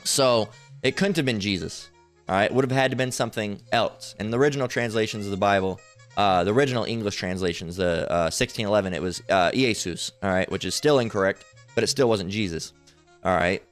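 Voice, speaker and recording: A man's voice: fairly low pitch, quick pace, soft background music. A man giving an informal Bible teaching, hesitant and full of fillers, who keeps checking in with "all right?". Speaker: religious teacher. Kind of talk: informal Bible teaching over screen share.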